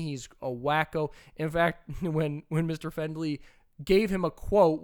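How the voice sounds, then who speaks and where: A man with a fairly high, smooth and resonant voice, co-hosting a podcast in easy casual chat. He tells the story with animated, emphatic stresses. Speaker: podcast co-host.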